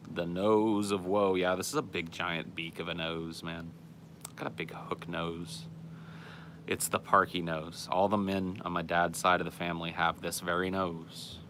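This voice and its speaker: A man's voice: sits low, little pitch movement, unhurried, bright, forceful tone, slight background noise. A man hosting a podcast, reading out listener comments in casual chat with a sarcastic, profane, offhand manner.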